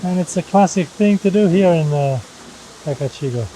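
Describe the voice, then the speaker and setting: A man's voice: on the high side, animated, moderate pace, mellow, slight background noise, poor audio. A man vlogging while walking through a river gorge, explaining the sights to a handheld camera in a casual, chatty way. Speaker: travel vlogger. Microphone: handheld camera held aloft.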